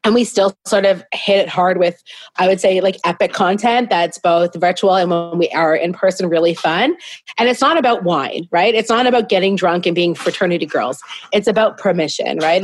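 A woman's voice: mid-range voice, moderate pace, no echo. A woman in her thirties, a business founder, telling her story as a guest in a casual interview from her home in a candid, chatty and self-deprecating way.

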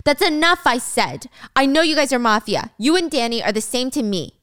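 Brief: woman doing an angry teen boy, forceful and indignant, raised pitch. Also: lively intonation, fairly quick, no echo, clean studio sound. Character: angry teenage boy, protective and blustering.

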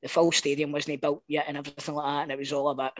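A man's voice: a little high, level tone, rapid-fire, fairly bright tone, a little hiss or hum, poor audio. A young Scottish man co-hosting a casual podcast chat, earnest and fond of asking "you know what I mean". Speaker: podcast co-host. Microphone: podcast microphone.

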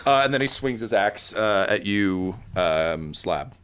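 A man narrating as game master of a tabletop game, halting and full of fillers. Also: deep voice, expressive, fairly bright tone, clean tone. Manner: halting, full of ums and uhs.

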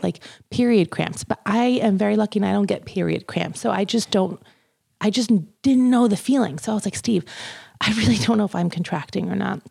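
A woman's voice: medium pitch, gravelly, a little mellow. A young woman, pregnant, telling a casual storytime in a chatty way, full of "like" and acted-out quotes. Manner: chatty, many "like" fillers, acts out quotes. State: pregnant, in labor pains. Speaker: vlogger.

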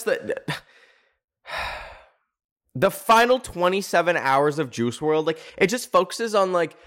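A young male podcast host in a loose, profane rant. He talks sarcastically at a middling pitch, and it jumps sharply higher whenever he gets worked up. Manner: animated, profane, sarcastic, pitch leaping up on emphasis. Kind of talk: casual ranting commentary.

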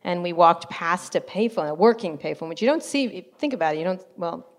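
A middle-aged woman journalist, a guest in an interview, telling lively stories, acting out quotes with laughing asides. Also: lowish voice, brisk. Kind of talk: casual storytelling interview.

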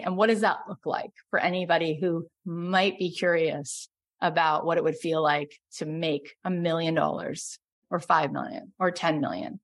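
A middle-aged woman coach hosting a call and pitching her program, effusive and growing loud and emphatic.

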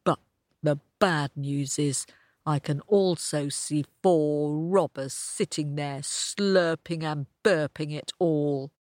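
A woman's voice: low voice, dry recording, studio quality, voice pushed down. Woman voicing a hungry storybook donkey. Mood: hushed. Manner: hushed, drawn-out when whispering. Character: hungry, good-natured male donkey leader.

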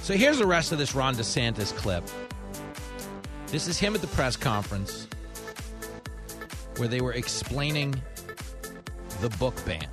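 A man hosting a comedic political talk radio show, talking in an animated way and acting out voices in quotes. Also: mid-range voice, measured pace, long pauses, over music. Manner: animated, acts out voices in quotes, rising to shouts.

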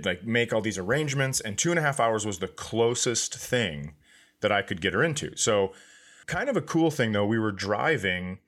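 Middle-aged male host, lowish voice, loose storytelling chat, animated quotes. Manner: lively storyteller, acts out quotes in a raised voice. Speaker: podcast host.

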